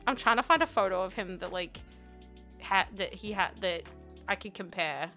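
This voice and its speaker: A young adult woman streaming and chatting casually with her viewers, rambling and giggly, sometimes breaking into loud playful yelling. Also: medium pitch, moderate pace. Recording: faint music behind.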